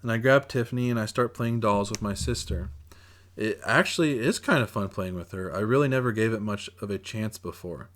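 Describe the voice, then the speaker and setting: A man's voice: fairly low pitch, brisk, a bit bright. A man reading his own novel aloud in first-person audiobook narration, in an earnest, plain way.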